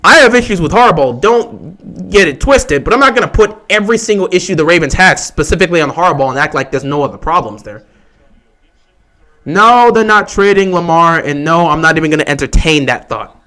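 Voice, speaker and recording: A man's voice: on the high side, expressive, fairly quick, bright, forceful tone. A man hosting a casual sports fan livestream, talking in an opinionated, emphatic way, repeating his points and answering viewers' questions. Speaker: livestream host.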